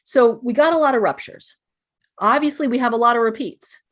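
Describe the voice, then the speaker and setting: Guesting on a podcast, a woman gives sincere, explanatory advice on parenting, demonstrating sample phrases for parents. Her voice is on the higher side, and she talks a little quickly.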